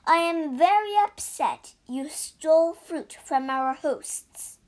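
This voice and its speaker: A woman's voice: high-pitched, lively intonation, a little slow, a bit bright, voice pushed up. A woman voicing a stern male monk who scolds his companions, in a storybook reading. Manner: scolding, earnest.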